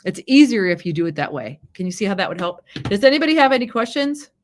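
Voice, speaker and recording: A woman's voice: mid-range voice, sing-song, fast, slight background noise. A woman giving a chatty live makeup demonstration, often checking in with her viewers. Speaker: makeup presenter on a live stream.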